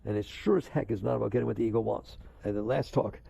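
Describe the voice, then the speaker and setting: A man's voice: fairly low pitch, quick pace, creaky, warm tone, husky, no room sound. An older man giving a conversational spiritual talk, questioning his listeners and acting out inner voices. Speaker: spiritual teacher.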